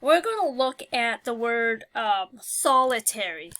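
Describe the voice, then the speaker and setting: Slow, bright-voiced woman teaching phonics. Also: a little high, lively intonation, dry recording. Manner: slow and patient, thinking aloud with many fillers. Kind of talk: classroom phonics lesson.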